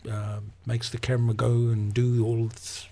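A middle-aged man with a New Zealand accent, an actor guest talking in a relaxed, rambling way with many fillers. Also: medium pitch, normal speed. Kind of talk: casual interview chat.

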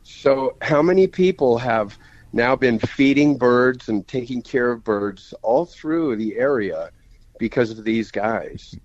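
A man's voice: mid-range voice, expressive, slow, no room sound. A man calls in to a radio show, eager and grateful. His line sounds dull and muffled, with a dry, close sound. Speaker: radio caller. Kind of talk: call-in chat.

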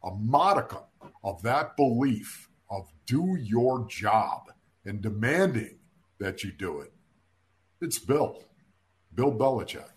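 A man's voice: medium pitch, big pitch swings, takes it slowly. A man co-hosting a football podcast, chatting casually with laughing asides. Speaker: co-host.

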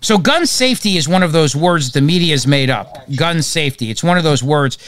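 A man's voice: on the high side, animated, moderate pace, fairly bright tone. A male talk show host giving casual political commentary, short on sleep and rambling from one topic to the next. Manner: rambling, jumps between topics.

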